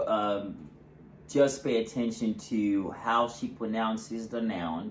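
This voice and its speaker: A man with a very deep voice explains English pronunciation in a relaxed, casual way, stopping often for fillers and examples. The room sounds echoey, with faint noise underneath. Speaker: English teacher, co-host. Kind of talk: casual teaching.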